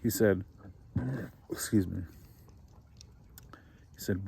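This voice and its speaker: A man, a parent, telling a made-up horror story outdoors by a campfire, rambling with many restarts. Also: normal speed. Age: adult parent. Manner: rambling, repeats and restarts, rises to high cries for the boy's voice.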